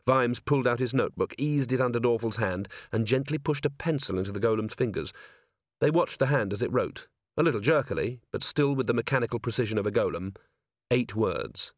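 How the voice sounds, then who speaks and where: A male narrator reading an audiobook with a very animated, lively pitch. The recording is dry and close, with nothing behind him. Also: brisk, dry recording. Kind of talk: scripted narration.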